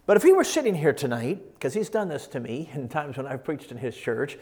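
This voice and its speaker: A man preaching a sermon, telling stories with animated quotes and frequent laughter before teaching. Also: on the high side, fairly quick.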